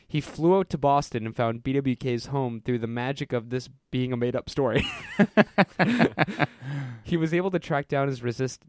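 A man's voice: medium pitch, darkish tone, clean tone, dry recording. Laughing man reading a story aloud. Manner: reads dialogue with quick voice shifts, breaks into laughter. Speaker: podcast co-host reading a listener story. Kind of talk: casual reading aloud with chat.

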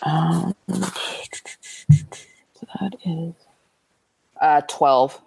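A woman plays a tabletop game and explains her moves, laughing and stumbling over her words. Her voice is very low for a woman. The sound is close and dry. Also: gravelly, dark tone, slightly rough, no room sound. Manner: chatty, quick to laugh, trips over words. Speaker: player. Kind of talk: tabletop role-play.

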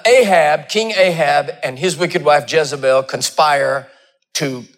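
A preacher delivering a sermon, his voice sitting high for a man. He tells stories and acts out the dialogue, sliding his voice far up and down as he goes. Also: a bit bright. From Texas. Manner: storytelling, acting out dialogue with wide swings in pitch.

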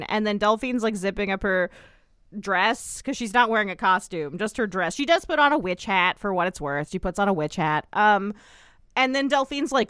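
A woman's voice: mid-range voice, lively intonation, normal speed, fairly bright tone, clean tone, dry recording, studio quality. A woman co-hosting a podcast, recapping a TV episode in casual chat with a sarcastic, rambling manner and many ums. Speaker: podcast co-host.

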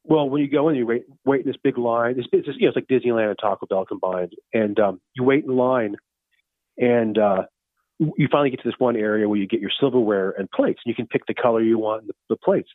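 A man's voice: medium pitch, quick pace, no echo. A man in his fifties, a guest telling stories casually in a rambling way with many restarts. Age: 50s. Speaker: guest storyteller. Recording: tinny phone-like line.

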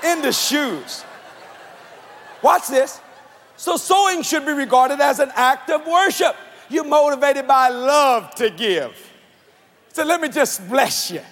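A man preaching a sermon to a convention crowd, shouting and swinging his pitch up and down. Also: expressive, slow, pauses often. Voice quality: husky. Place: large church or convention hall. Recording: long hall reverb.

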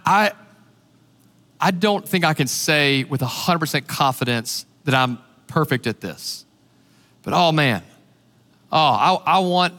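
A man preaching a sermon as pastor, animated and acting out the voices he quotes. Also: a little high, long reverb tail.

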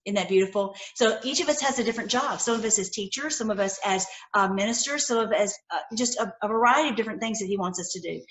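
A woman's voice: medium pitch, fast, hardly any pauses, a bit bright, reverberant. An older woman gives an informal Bible teaching, then leads a prayer. She speaks effusively, in a mid-range voice, and keeps asking her listeners rhetorical questions.

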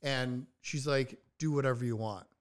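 A man's voice: medium pitch, normal speed, slight background noise. A man telling a story in casual podcast chat, acting out quotes with a raised voice. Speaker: podcast co-host.

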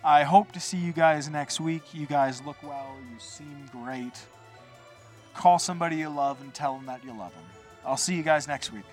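Animated man telling a rambling story. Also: a little high, moderate pace, soft background music. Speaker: podcast host. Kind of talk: casual storytelling monologue.

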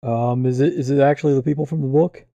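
A man with a very dark, mellow voice chimes in with short replies and quick guesses. His voice sounds dry and close, with no room echo. He talks in casual, easygoing chat. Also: medium pitch, steady tone, creaky, highs cut off.

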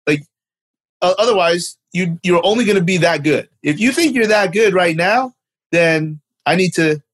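A man's voice: high-pitched, normal speed, a bit bright. Rambling Canadian man, interview guest. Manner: rambling, many restarts and fillers. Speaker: guest, basketball performance clinician. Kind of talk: conversational interview.

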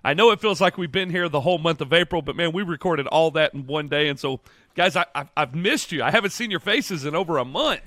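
Man, podcast host, a bit high pitch, dry close mic, chatty. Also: expressive, fast talker, fairly bright tone, no echo. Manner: friendly, chatty, announces events. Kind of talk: casual podcast chat. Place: home studio.

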